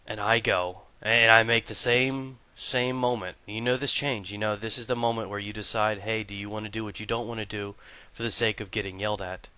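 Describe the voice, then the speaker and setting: A man hosts a gaming video, telling a comic story and walking through his gear with crude, profane banter, shifting from hushed storytelling to loud, excited bursts. His fairly low voice is smooth and brisk, with no room sound.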